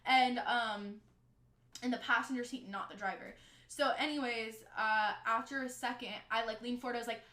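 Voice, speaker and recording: A young woman telling a story from her own life in casual storytime style, animated and swearing freely as she quotes the people involved. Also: fairly high pitch, brisk, echoey room.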